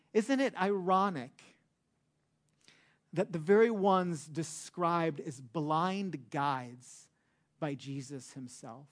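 A male pastor preaching a sermon with emphatic, drawn-out words for stress. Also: fairly high pitch.

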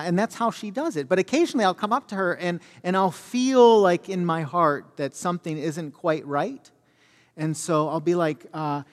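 A man giving a sermon as pastor, conversational and self-deprecating, full of fillers. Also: fairly high pitch. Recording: long reverb of a church hall.

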